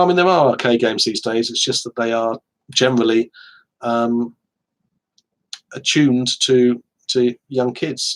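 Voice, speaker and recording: A man's voice: mid-range voice, a bit bright, poor audio. A chatty English man in his forties, talking casually to viewers on a live stream from home. He rambles and restarts his sentences, with a self-deprecating humor. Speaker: author hosting a live stream.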